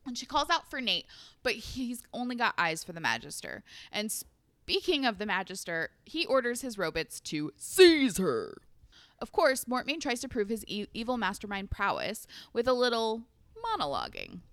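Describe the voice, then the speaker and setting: A woman's voice: fairly high pitch, huge pitch swings, moderate pace, fairly bright tone, no echo, clean studio sound. A young woman recapping a book's plot in casual chat, with sarcastic asides and frequent laughter. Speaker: podcast co-host recapping a book.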